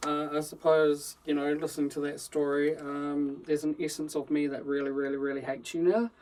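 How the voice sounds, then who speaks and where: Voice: mid-range voice, flat delivery, normal speed, darkish tone, recorded from a distance, rough recording. An interviewer chatting casually and teasing the guest.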